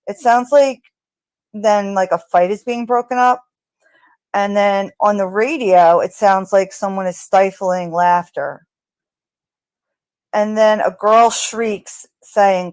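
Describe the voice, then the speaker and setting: A woman slowly recounts overheard lines one by one, pausing on fillers as she goes. Her pace is unhurried and deliberate. The sound is close and dry, with no room around her. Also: medium pitch, clean tone, dry recording. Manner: recounts quoted lines flatly, with hesitant fillers. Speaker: recording analyst narrator. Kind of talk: reading out an audio transcript.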